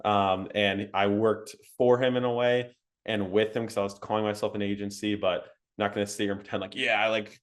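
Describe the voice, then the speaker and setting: A young man telling his story as an interview guest, animated and laughing, full of "like" and "um". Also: on the low side, a little fast. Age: young adult. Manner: animated, laughing, frequent fillers like "like" and "um".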